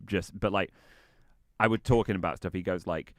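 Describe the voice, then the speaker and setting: Comedian guest, male, low voice, animated storyteller, dead-dry close mic. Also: normal speed, long pauses, no echo. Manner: animated storyteller, jumps into high voices for quotes. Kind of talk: casual storytelling chat.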